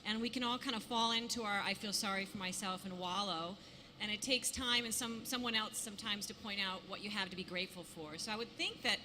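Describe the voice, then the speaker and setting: Playful woman with a bright voice. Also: medium pitch, brisk, a little hiss or hum. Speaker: panelist, actor. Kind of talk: casual panel talk. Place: convention panel stage. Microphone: handheld mic.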